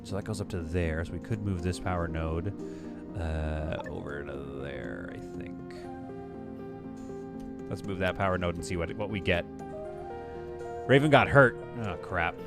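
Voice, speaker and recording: A man's voice: low-pitched, lively intonation, measured pace, creaky, long pauses, over loud music. A man chatting casually while streaming a video game, rambling between topics and often laughing. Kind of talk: casual live gameplay commentary.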